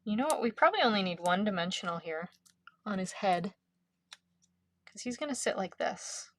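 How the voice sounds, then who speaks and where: A woman's voice: mid-range voice, animated, moderate pace, fairly bright tone, a little hiss or hum. A woman leading a live card-making class, chatty and upbeat, often breaking into giggles. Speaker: craft instructor.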